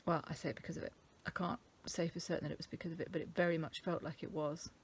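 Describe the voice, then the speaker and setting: A middle-aged woman from England talking casually to camera, thoughtful and halting, with many ums. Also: deep voice, fairly even intonation, a little hiss or hum. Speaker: vlogger. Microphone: camera mic.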